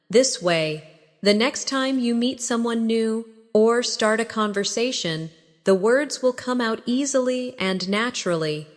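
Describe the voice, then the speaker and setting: A woman narrates a scripted English lesson at a slow, unhurried pace. Her delivery is patient and encouraging, and she models phrases for the listener to repeat. A long reverb trails after her voice. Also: mid-range voice. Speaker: English teacher.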